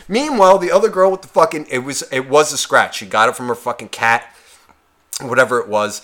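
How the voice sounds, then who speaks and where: A man co-hosting a podcast, telling a rambling story full of swearing in casual, animated talk. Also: mid-range voice, fairly quick. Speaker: podcast co-host.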